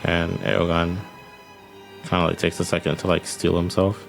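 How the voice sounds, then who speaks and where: A man's voice: low-pitched, monotone, normal speed, creaky, soft background music. A young man narrating as game master in a casual, chatty way, with frequent laughs.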